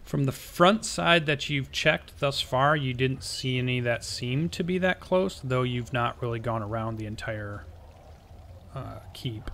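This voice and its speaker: A man's voice: medium pitch, a little slow, creaky, bright, forceful tone. A man narrates as dungeon master, laying out the scene in a level, matter-of-fact way. A faint room hum sits behind him. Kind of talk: narrating a tabletop game.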